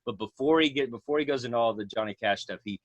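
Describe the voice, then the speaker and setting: A male comedian guest on a podcast, telling a rambling, animated story and swearing freely. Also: mid-range voice, quick pace, dry recording, highs cut off.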